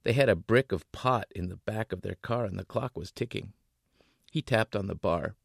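A male author reading his novel aloud in an expressive way, voicing the characters. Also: lowish voice, moderate pace, creaky, husky, no room sound, studio quality.

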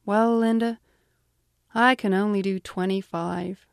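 A blunt male agency boss, read by a British woman, curt and dismissive, then smoothly selling a bad deal. The voice sits in a medium register and sounds dry and close, with no room around it. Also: medium pitch, steady tone, measured pace, no room sound. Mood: salesy.

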